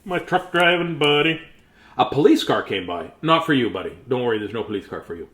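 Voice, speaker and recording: A man's voice: mid-range voice, sing-song, fairly quick, a bit bright. A man reading a picture book aloud, chuckling and adding chatty asides to the listeners. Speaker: storybook reader.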